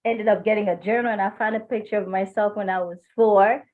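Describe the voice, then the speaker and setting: A woman's voice: mid-range voice, steady tone, fairly quick. A woman joins a spiritual course over a call and shares her feelings openly. She rambles a bit and laughs self-consciously. Her voice sounds tinny and narrow, like a phone line. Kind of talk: personal sharing.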